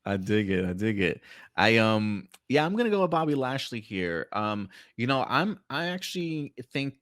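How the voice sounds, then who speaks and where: A man's voice: mid-range voice, very animated, moderate pace, a bit bright, no echo, studio quality. A man hosting a casual prediction podcast, talking in a laid-back, rambling way with many fillers. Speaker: podcast host. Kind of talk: casual chat.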